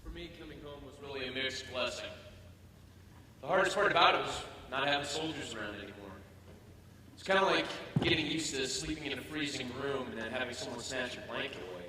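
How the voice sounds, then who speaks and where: A man, a veteran, reflecting in a measured way on his homecoming during a staged storytelling. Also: medium pitch, noisy background. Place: stage in a large hall. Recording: echoey hall, voice from far off.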